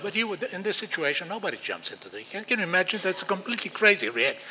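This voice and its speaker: Older male lecturer, Israeli accent; lively, bright delivery. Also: sits high, fast talker, hardly any pauses, slightly rough, rough recording. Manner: animated, acts out quoted voices, non-native phrasing. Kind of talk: lecture to practitioners.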